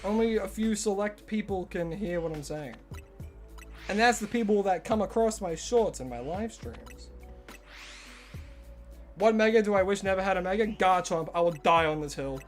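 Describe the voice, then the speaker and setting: An Australian man with a high voice streams a game live, chatting and joking casually with viewers at a normal pace while soft music plays in the background. He greets people in chat and answers their messages, and his voice tends to crack.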